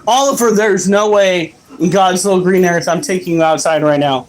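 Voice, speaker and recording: A man hosting a casual pet livestream, loudly scolding his dogs and reading chat comments aloud. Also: high voice, moderate pace, slight background noise, rough recording.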